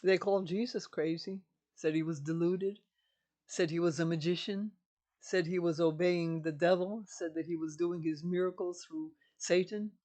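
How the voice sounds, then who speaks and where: A woman's voice: on the low side, steady tone, normal speed, mellow. An older woman, a spiritual teacher, giving an emphatic, repetitive teaching monologue.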